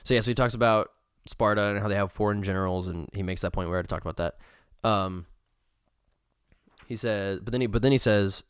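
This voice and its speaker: A man's voice: lowish voice, fairly quick, clear, resonant tone, no room sound, clean studio sound. A young man co-hosting a casual philosophy podcast. He retells an old dialogue in a chatty way, reads passages aloud and laughs often. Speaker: podcast co-host. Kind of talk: casual discussion of a philosophy text.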